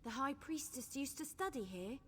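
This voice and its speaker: A woman's voice: high-pitched, lively intonation, moderate pace, big-room sound, faint music behind. An actress playing an emotional, outspoken young woman mourning a friend in a video game. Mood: grieving. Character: grieving, fiery young woman, the priestess's friend. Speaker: game character.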